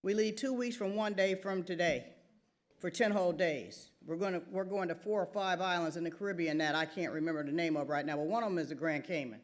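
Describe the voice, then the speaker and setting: A woman's voice: on the low side, fairly quick, close to an everyday voice. A woman reading aloud and voicing a blunt, teasing churchgoing mother in her eighties. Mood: chatty. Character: sassy churchgoing elderly mother, eighty-one.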